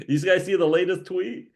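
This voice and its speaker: A man's voice: high-pitched, gravelly, a little mellow. A man hosting a casual career-coaching monologue, rambling, joking and laughing often.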